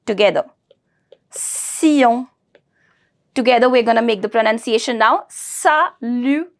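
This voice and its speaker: A woman teaching a pronunciation lesson, breaking words into syllables and repeating each one slowly. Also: fairly high pitch. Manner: slow, syllable-by-syllable with repeated drilling. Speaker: language teacher.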